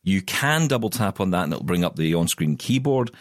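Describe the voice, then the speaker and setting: A man's voice: low-pitched, very animated, a little fast, dry recording, clean studio sound. A man co-hosting a podcast, chatting casually and telling rambling stories full of asides. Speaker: podcast co-host. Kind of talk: casual chat.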